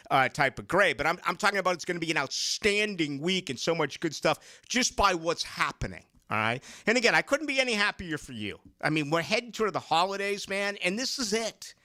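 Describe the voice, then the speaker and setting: Bright-voiced excitable sports radio host. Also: male voice, a little high, no room sound, clean studio sound. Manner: excitable, conversational, with frequent "okay?" asides. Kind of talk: sports talk radio monologue.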